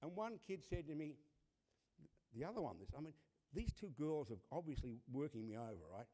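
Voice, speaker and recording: Brief: lively male host spinning a comic introduction, somewhat high voice, swooping intonation. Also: fairly quick. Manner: animated storyteller, acts out quoted voices. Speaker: conference host introducing the speaker. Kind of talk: humorous anecdotal introduction.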